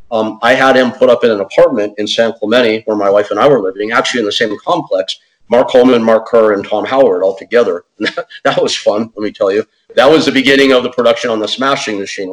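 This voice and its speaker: A man telling a story as an interview guest in a casual, animated way, acting out quotes in other voices and saying "man" and "dude" often. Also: lowish voice, poor audio. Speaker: podcast host.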